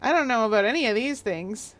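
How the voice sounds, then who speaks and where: A woman's voice: on the high side, lively intonation, brisk, a bit bright. Woman streamer, playful and rambling, casual game chat.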